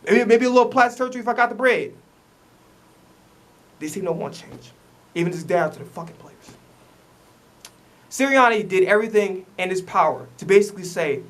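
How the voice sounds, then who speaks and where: A man's voice: high voice, animated, fairly quick, pauses often. A man ranting in a sports vlog he recorded himself on camera. He is upset and frustrated, swears a lot, and stumbles into repeated restarts when heated. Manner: angry, profane, emphatic ranting. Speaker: sports commentator vlogger. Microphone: self-recorded camera.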